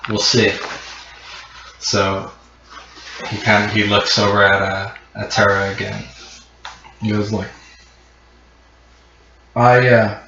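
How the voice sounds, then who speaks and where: A man's voice: lowish voice, completely flat delivery, a little slow, long pauses, pushed and bright, slight background noise. A man narrating a tabletop game as game master, rambling with many fillers. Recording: muffled echoey room.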